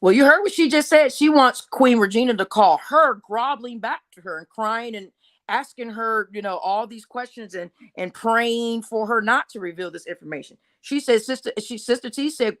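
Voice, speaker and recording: A woman's voice: a little high, normal speed. A woman hosting a casual commentary chat, agreeing with her guest and recapping what others have said. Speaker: host.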